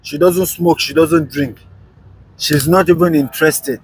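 A man being interviewed, telling a personal story in a casual, animated way with frequent restarts. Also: a little high, unhurried, crowd noise, rough recording.

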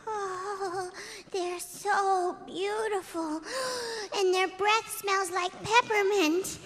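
A high, bright young girl speaks slowly and sincerely, wide-eyed and principled. A long room reverb trails her words. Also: fairly even intonation, full character voice. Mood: earnest. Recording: roomy reverb.

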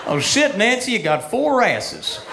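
A male comedian playing a blunt folksy TV advice host, drawling slowly through odd sayings. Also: very high voice, sing-song, creaky, very noisy, voice pushed up, heavily acted.

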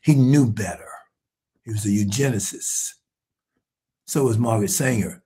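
A man in his seventies, a bishop preaching with emphatic rhetorical questions, swinging between hushed asides and shouted points. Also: fairly low pitch, moderate pace, pauses often. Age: 70s. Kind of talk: sermon-style commentary.

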